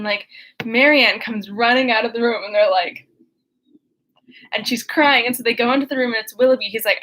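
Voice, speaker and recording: A young woman with a fairly high, fairly bright voice chats from her bedroom, rambling and full of fillers, before reading a book aloud. She acts as both host and reader.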